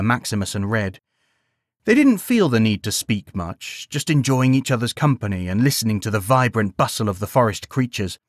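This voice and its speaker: Male storyteller, bedtime tale narration, lively intonation, dry close recording. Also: medium pitch, no echo. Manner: gentle, expressive storytelling.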